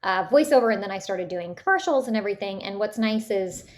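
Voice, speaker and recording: A woman's voice: medium pitch, animated, brisk, a little mellow. A woman from Canada, a voice actress, chatting casually in an interview with many fillers and restarts. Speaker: voice actress guest.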